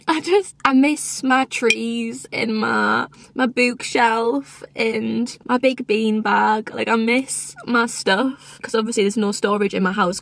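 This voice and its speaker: A woman's voice: fairly high pitch, no echo. A chatty woman, rambling casually to camera from inside a car, often laughing. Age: 20s. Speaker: vlogger. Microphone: phone or camera in a car.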